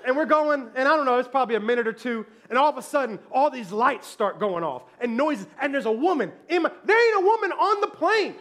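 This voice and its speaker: A male pastor telling a funny story in a sermon, laughing often as he talks, then turning low and soft when reflective. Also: animated, fast, hardly any pauses.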